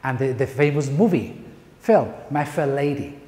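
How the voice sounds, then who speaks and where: Spanish-accented male pronunciation lecturer, mellow, slightly high voice, long hall reverb. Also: expressive, normal speed. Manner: emphatic, playful lecturing with rhetorical questions. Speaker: pronunciation teacher. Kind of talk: lecture to university teachers.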